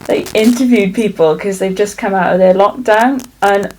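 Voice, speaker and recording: A woman's voice: medium pitch, darkish tone, a little hiss or hum, low-quality recording. A young woman from South Wales, chatting and rambling her way through a makeup tutorial at home, swearing freely. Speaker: beauty vlogger. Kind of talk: casual makeup tutorial chat. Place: home, indoors.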